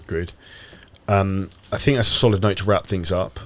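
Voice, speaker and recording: A man hosting a podcast, chiming in briskly and wrapping up the show. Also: low-pitched, a bit bright. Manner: brisk, agreeable interjections. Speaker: podcast host. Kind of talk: casual podcast interview.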